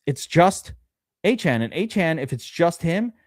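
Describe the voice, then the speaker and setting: Animated man talking fantasy football. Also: on the high side, unhurried, dry recording, clean studio sound. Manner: animated, rambling with restarts. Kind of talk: casual live-stream chat.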